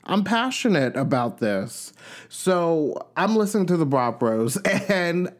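A man hosting a podcast, chatting in an animated way about celebrity gossip and reading news aloud with his own asides. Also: a little high, measured pace. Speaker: podcast host. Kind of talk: casual celebrity gossip commentary.

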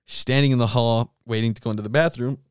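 A man's voice: medium pitch, fairly even intonation, quick pace, smooth, dry recording, clean studio sound. Profane, rambling male podcast host. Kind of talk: casual solo podcast monologue.

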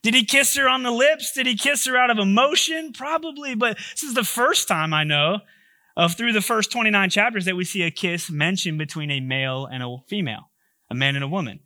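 A man's voice: sits high, brisk, sharp tone, no room sound, clean studio sound. A male pastor giving a sermon in a humorous, conversational way with joking asides.

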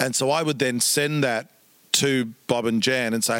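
A man's voice: medium pitch, steady tone, normal speed, a bit bright, clean tone, dry recording. A man, a pastor, earnestly telling stories in a conversation and acting out what people said to him. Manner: earnest, acts out quoted speech. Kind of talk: storytelling in conversation.

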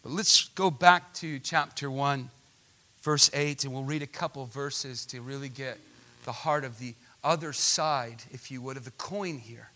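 A man preaching a sermon who asks his listeners rhetorical questions and builds to passionate shouts. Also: medium pitch, measured pace. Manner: impassioned, rising to shouts at climaxes.

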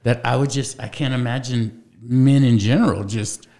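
A man co-hosting a podcast in casual chat, playful and quick to laugh. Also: mid-range voice, steady tone, vocal fry, warm tone. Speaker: podcast co-host.

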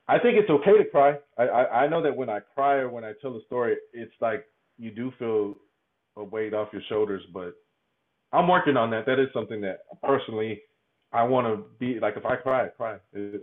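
A man giving a candid interview, talking haltingly, repeating words and laughing often. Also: medium pitch. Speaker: podcast guest. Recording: tinny phone-like line.

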